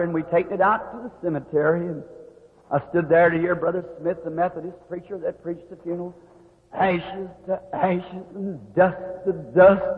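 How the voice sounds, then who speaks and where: Brief: male preacher, emotional testimony, long hall reverb. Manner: emotional, pleading, rising to high cries. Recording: tinny old lo-fi recording in a reverberant hall.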